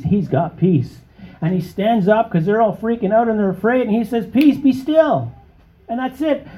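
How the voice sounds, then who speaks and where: A man preaching a sermon, emphatic and conversational, often checking in with his listeners and rising to high, excited exclamations. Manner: conversational, with frequent check-ins to the congregation. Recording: dull, muffled lo-fi recording.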